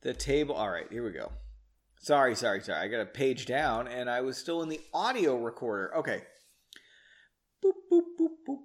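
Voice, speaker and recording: Chatty man reading aloud with lively pitch. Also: fairly quick. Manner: self-mocking, chatty asides, laughs between passages. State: tipsy from drinking. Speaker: reader of his own book. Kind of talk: casual read-aloud with asides.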